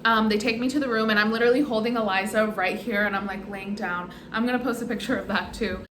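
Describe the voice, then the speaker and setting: A young vlogger talks quickly in a steady, medium-pitched, slightly bright voice as she casually describes her birth experience. She rambles, frequently saying "um" and "like." The room echoes, and there's slight background noise.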